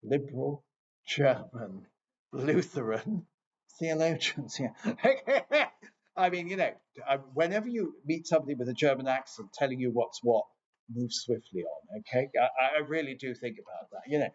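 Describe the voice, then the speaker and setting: A man's voice: medium pitch, lively intonation, moderate pace, highs cut off. A man from England giving an informal lecture on scripture, chatty and digressive with wry asides.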